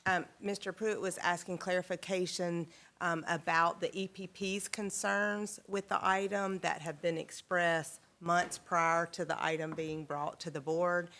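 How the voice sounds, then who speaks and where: A woman with a notably low voice briefs a board as an education department official. She explains step by step and fills her pauses with ums. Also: level tone, a bit bright.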